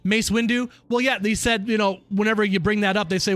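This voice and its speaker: A man streaming a game and chatting casually with viewers, animated and profane, ranting between laughs. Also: high-pitched, brisk, few pauses, dry recording, studio quality. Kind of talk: casual livestream chat while gaming.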